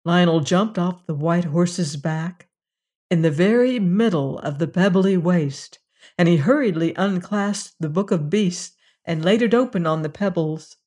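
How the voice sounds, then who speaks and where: A measured storyteller reads a fairy tale aloud with a gentle, even delivery. The voice sits at a middle pitch, neither high nor low, and slows down for the dramatic moments.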